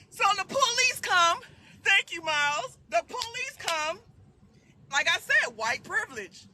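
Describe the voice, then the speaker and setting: A woman vlogger telling a story casually, loud and profane, often breaking into laughter. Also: very high voice, big pitch swings, a little slow, a little hiss or hum. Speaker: trucking vlogger.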